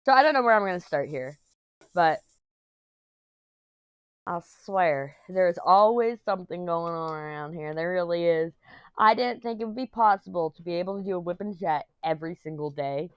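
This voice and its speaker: A woman's voice: lowish voice, animated, moderate pace, clean tone, no echo, muffled recording. A woman vlogging from her home office, talking in a rambling, chatty way while getting over an illness that has left her throat sore. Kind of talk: casual chat.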